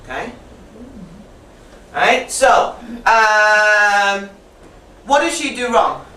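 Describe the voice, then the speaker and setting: A woman teacher trainer running a lively classroom demonstration, repeating and correcting students as she goes. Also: medium pitch, drawn-out words. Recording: echoey classroom from far off with faint noise.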